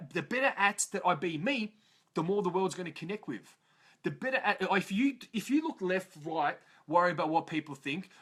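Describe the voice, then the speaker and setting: Blunt, high-voiced man ranting. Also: a bit bright, husky. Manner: blunt, swears freely, acts out others' complaints. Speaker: motivational speaker. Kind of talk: live-stream monologue. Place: room in his parents' house.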